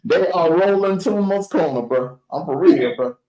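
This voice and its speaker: Dude chilling on a stream call, kinda high voice, saying bro a lot. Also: male voice, expressive, moderate pace, over a noisy crowd, rough recording. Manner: laid-back, repeats "bro". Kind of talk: casual chat.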